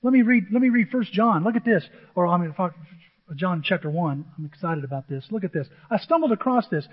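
A man preaching with an animated delivery, often breaking into little acted-out voices. His voice sits high for a man and carries a husky edge. The recording is dull and lo-fi, with a long reverb trailing off the walls. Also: fairly quick. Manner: animated, acts out quotes in different voices. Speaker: pastor. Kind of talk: sermon.

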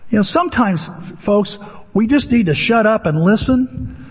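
High-voiced preacher in an echoing hall. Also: male voice, moderate pace, husky. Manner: animated storytelling, acts out his own inner voice. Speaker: pastor. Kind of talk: sermon. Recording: dull lo-fi audio with long hall reverb.

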